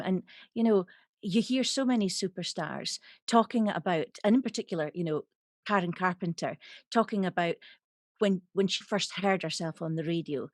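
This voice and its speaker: A woman host interviews her guest with effusive, chatty questions. Her voice sits at a middle pitch and is recorded dry, with no room echo. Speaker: talk show host.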